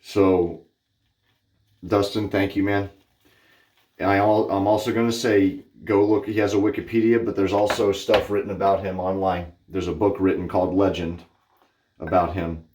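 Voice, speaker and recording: A man's voice: deep voice, little pitch movement, normal speed, darkish tone. A man from Texas hosting a wet shaving channel, chatting casually while he shaves, rambling with friendly asides and self-corrections.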